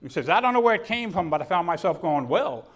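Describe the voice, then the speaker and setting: Animated storytelling man, slightly high voice. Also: fast. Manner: storytelling, animated, acts out quotes. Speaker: keynote speaker. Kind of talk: comedic keynote speech. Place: conference stage.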